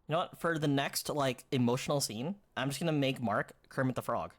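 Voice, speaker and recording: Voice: medium pitch, brisk. A game streamer chatting playfully with viewers during live gameplay and joking around. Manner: playful and joking, reading game dialogue aloud.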